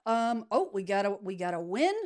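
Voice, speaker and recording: A woman's voice: medium pitch, very animated, moderate pace, darkish tone. A woman hosting a casual livestream, greeting her chat in an upbeat, chatty way with many fillers and restarts. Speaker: livestream host, real estate advisor. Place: home studio, indoors.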